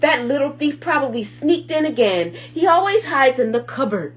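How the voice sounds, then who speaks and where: A woman voicing a giant's wife in a storybook read-aloud, speaking loudly and snappily. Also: high-pitched, animated, normal speed, a little hiss or hum, voice pushed up. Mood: snappy. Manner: loud, snappy. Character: giant's wife, sharp-tongued, tattling.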